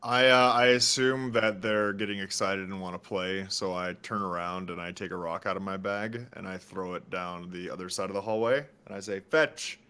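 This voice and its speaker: Bright-voiced eager man. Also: deep voice, steady tone, normal speed, few pauses, a little hiss or hum. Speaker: player. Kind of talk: casual tabletop play.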